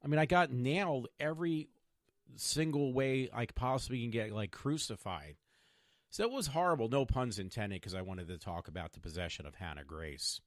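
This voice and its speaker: A man's voice: mid-range voice, animated, moderate pace, no room sound, studio quality. A man in his fifties talking in a meandering, stop-start way with many fillers, hosting his own podcast. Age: 50s. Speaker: podcast host. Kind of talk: rambling personal vlog.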